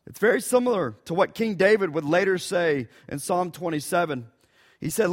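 A man's voice: high-pitched, moderate pace. A man preaching a sermon with impassioned, pleading emphasis as he voices prayers. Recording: long reverb of a hall.

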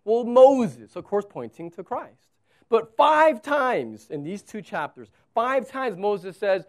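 A man's voice: high-pitched, very animated, slow. A male pastor preaching a sermon with emphasis, acting out the quotes.

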